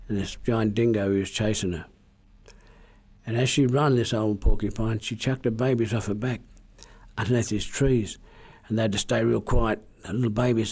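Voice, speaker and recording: Husky, dark-voiced Australian storyteller man. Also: fairly low pitch. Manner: measured, repetitive cadence that drops to hushed tones. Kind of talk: oral storytelling.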